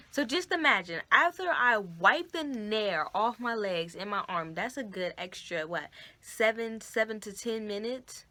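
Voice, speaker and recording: A woman talks slowly to her phone camera in a relaxed storytime vlog. Her voice is bright and clear-edged, and she keeps turning to her viewers with a chatty y'all and guys. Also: a little high. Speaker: vlogger.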